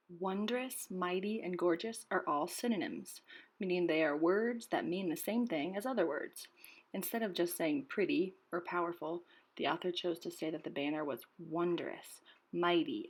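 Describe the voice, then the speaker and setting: A preschool teacher reading a storybook aloud to children and clearly explaining new words. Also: female voice, lowish voice. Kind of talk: storybook read-aloud lesson.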